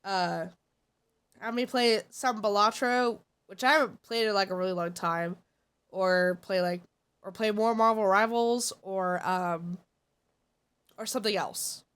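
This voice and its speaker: A woman's voice: mid-range voice, unhurried, fairly bright tone, smooth. A woman streamer with a stuffed-up, congested voice, chatting casually and teasing her viewers. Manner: playful, teasing the chat. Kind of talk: casual live-stream chat.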